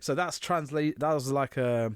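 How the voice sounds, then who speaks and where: Male co-host, mid pitch, dry close mic, sweary storyteller with animated quotes. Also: normal speed, smooth, no room sound. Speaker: podcast co-host. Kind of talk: casual chat.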